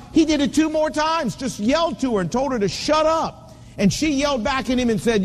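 Fifties guy preaching, high voice, punchy repeated lines, big echoey hall sound. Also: expressive, brisk. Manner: emphatic, repetitive preaching cadence with storytelling. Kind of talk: sermon to men on fatherhood.

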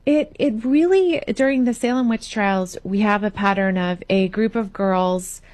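Chatty woman guest, lively storyteller. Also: mid-range voice, a little slow. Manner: animated storytelling with frequent fillers. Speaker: guest author. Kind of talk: radio interview.

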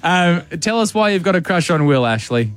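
A man's voice: sits high, sing-song, normal speed, soft background music. A man hosting a radio show, teasing callers in playful banter. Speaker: radio host.

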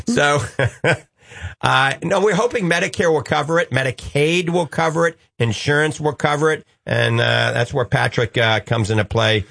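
A man's voice: fairly high pitch, normal speed, vocal fry, hardly any pauses, a bit bright, no echo, clean studio sound. A man with a New Orleans accent hosting a call-in radio show, upbeat and reassuring with a joking streak.

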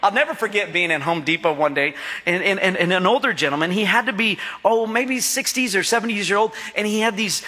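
A middle-aged man preaches with a high, bright, forceful voice, folksy and joking as he keeps calling to his congregation for an answering "amen". His voice rings out with a long reverb across a large church hall. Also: a little fast. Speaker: pastor. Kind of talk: sermon. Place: church sanctuary.

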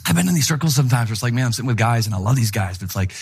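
A middle-aged man preaching a sermon in an animated, conversational way, acting out the people he quotes. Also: mid-range voice, racing, creaky, few pauses, husky. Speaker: pastor.

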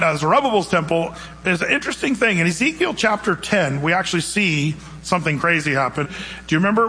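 A man's voice: on the high side, pushed and bright, big-room sound, low-quality recording. A man preaching a casual, conversational sermon, retelling scripture in everyday speech and asking the congregation questions. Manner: conversational, acts out quotes in casual modern speech. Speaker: pastor.

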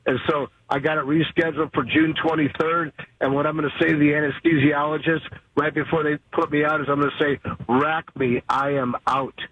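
A man's voice: fairly high pitch, level tone, brisk, hardly any pauses. A man calling in to a radio show, chatty and rambling, telling a story. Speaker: caller. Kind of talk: call-in radio talk. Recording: dull, dry phone line.

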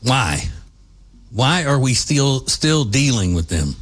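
A man's voice: medium pitch, very animated, takes it slowly. A man from the United States hosting an opinionated commentary monologue, emphatic and combative, hammering his points home through repetition. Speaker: political commentary host.

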